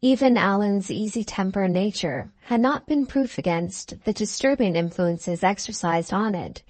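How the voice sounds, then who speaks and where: Female audiobook narrator, measured reading, dry close sound. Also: mid-range voice, expressive, darkish tone, dry recording. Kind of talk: scripted narration of a Victorian novel.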